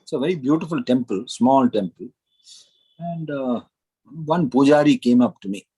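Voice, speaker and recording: A man's voice: medium pitch, expressive, dark tone, slightly rough, low-quality recording. A middle-aged man, telling a reflective spiritual story as a guest speaker at a club meeting. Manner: reflective, anecdotal, unhurried.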